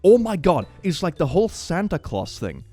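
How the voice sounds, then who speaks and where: A man giving casual reaction commentary as a streamer, animated, often exclaiming and laughing. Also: high-pitched, moderate pace.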